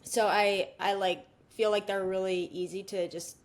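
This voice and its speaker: Young woman from Canada, mid-pitched, chatty guest with fillers over a video call. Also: little pitch movement, measured pace. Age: young adult. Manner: chatty, hesitant, many fillers. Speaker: startup founder guest. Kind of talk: casual interview chat.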